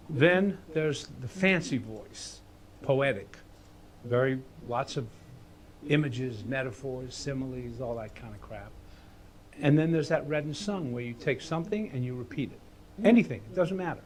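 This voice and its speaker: A man teaching writing in a casual, animated way, acting out voices as he explains. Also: medium pitch, a little slow. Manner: animated, acts out voices and hums melodies.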